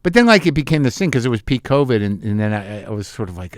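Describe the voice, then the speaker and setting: A man in his fifties, a guest comedian and actor, talking in a halting, self-deprecating way with many restarts. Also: mid-range voice, sing-song, no echo, clean studio sound. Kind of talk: casual interview chat.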